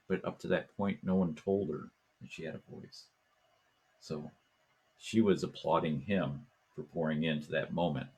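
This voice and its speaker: A man hosting a talk show, telling a story in a casual, animated way and acting out voices and chants as he goes. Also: rumbling low, normal speed, husky. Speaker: podcast host.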